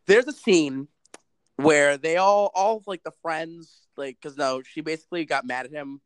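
Guy ranting about a movie, kinda high voice, cussing, sarcastic, dry close sound. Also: measured pace, pauses often, smooth, dry recording, poor audio. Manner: animated, profane storytelling with sarcastic asides. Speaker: movie reviewer. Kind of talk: casual podcast chat.

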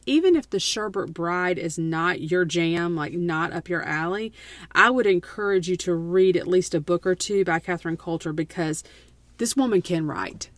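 A woman, co-hosting a casual book chat in an animated, teasing and emphatic way. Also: lowish voice, moderate pace, no echo. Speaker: podcast co-host and teacher.

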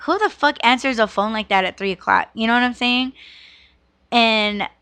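A woman's voice: medium pitch, sharp tone, clear, resonant tone, no room sound. A woman in her thirties hosting a podcast and telling a personal story in a rambling, emotional way, swearing often and filling her talk with "like" and "you know". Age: 30s. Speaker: podcast host. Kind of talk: casual storytelling monologue.

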